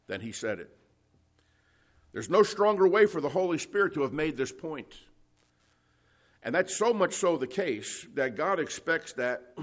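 A man preaching an expository Bible teaching, emphatic and repetitive, often clearing his throat and checking in with "okay?" and "you see". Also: medium pitch. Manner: emphatic, repetitive, stammers on restarts.

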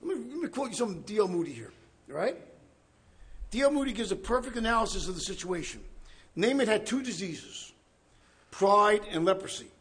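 A man preaching a conversational Bible study, animated and chuckling, often checking in with the listeners. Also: high-pitched, a little fast, pauses often. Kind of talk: conversational sermon.

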